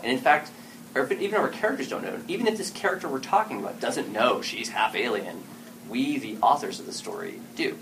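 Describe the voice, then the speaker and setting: A man gives a relaxed, animated talk to an audience in an event room. His voice swings widely in pitch as he acts out little exchanges between players and game masters. He sounds set back from the microphone, with steady background noise under him. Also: quick pace. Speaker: panel speaker on story games. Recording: distant mic with clear background noise.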